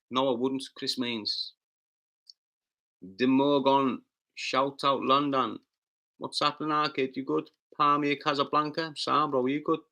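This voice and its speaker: A man with a Liverpool accent hosting a casual livestream, reading out chat comments with brash, sweary, rapid-fire banter and loud taunting outbursts. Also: mid-range voice. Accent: Liverpool (Scouse). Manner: bursts into loud taunting rants.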